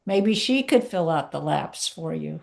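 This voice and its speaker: A woman's voice: low voice, animated, a little slow, gravelly, a little mellow. A woman on a video call chatting eagerly and searching for words. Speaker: participant. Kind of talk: casual chat on a video call.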